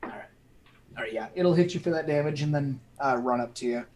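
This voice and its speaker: A man running a tabletop game as game master, relaxed and laughing often. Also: fairly high pitch, brisk, rough recording.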